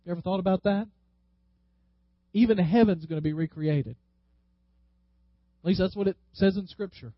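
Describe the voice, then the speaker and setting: High-voiced pastor preaching. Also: male voice, no room sound. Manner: leads the congregation in call-and-response; slows down and stretches words for emphasis. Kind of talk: sermon. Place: church. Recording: dull, slightly lo-fi dry sound.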